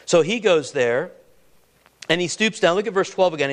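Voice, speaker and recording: A man's voice: sits high, lively intonation, moderate pace, long pauses. A man preaching a sermon, earnest and conversational, often restarting his words and asking the congregation questions.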